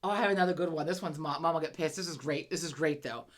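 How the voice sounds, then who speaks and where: A young woman co-hosting a casual chat show, telling animated stories full of swearing and loud acted-out quotes. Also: low voice, fast. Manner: animated storyteller, swears a lot, acts out quotes loudly. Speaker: podcast co-host.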